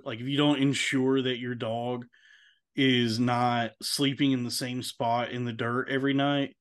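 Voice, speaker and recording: A man co-hosting a casual podcast, telling a long rambling story and saying "dude" often. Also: medium pitch. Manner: mimics voices when quoting others. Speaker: podcast co-host. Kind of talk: casual chat.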